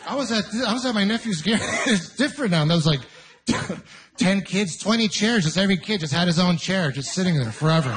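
A man doing stand-up comedy, telling stories in an incredulous, exasperated way with quick asides, with an audience laughing. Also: sits high, animated, fairly bright tone. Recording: live venue with audience noise.

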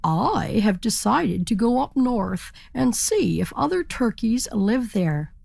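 A woman voicing a proud, naive male turkey who keeps insisting in a slow, raised voice. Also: a little high, very animated, vocal fry, a little mellow, no echo, exaggerated voice. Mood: stubbornly hopeful.

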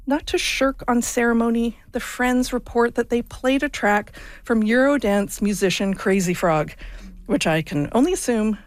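A woman's voice: fairly high pitch, moderate pace, no echo. A woman hosting a radio news show, reading a scripted story in a wry, playful way at a studio microphone.

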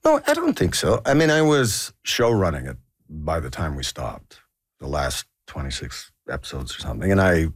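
A middle-aged man from Canada, an actor being interviewed, telling stories in a relaxed chat and laughing often. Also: rumbling low, vocal fry, husky. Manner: laughing storyteller, acts out quoted voices. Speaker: actor guest.

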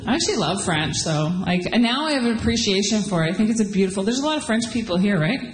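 A woman's voice: medium pitch, animated. Stand-up comedian woman in an echoey hall. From Ottawa, Canada. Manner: chatty, puts on quick voices for bits. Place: large theatre stage with audience. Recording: echoey hall with room noise.

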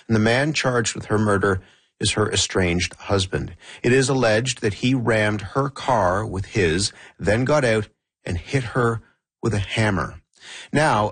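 A man hosting a current affairs radio program, introducing stories and interviewing guests in a measured, composed way. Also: on the low side, husky, dry recording. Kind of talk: news radio presenting and interviewing. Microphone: studio microphone.

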